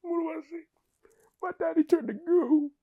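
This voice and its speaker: A man doing a gravelly, rambling washed-up rapper. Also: low voice, moderate pace, phone-quality sound. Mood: frantic. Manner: rambling with many fillers. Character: dim, rambling washed-up male crunk rapper. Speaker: interviewee.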